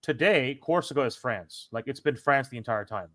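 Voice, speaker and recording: A man's voice: mid-range voice, animated, normal speed, fairly bright tone, no room sound, studio quality. A young man co-hosting a casual history podcast, a former teacher who rambles with many restarts and self-corrections. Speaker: podcast co-host.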